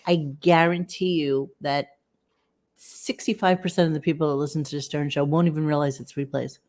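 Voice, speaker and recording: A woman's voice: low-pitched, steady tone, brisk, a little mellow. A woman co-hosting a podcast in blunt, casual chat. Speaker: podcast co-host.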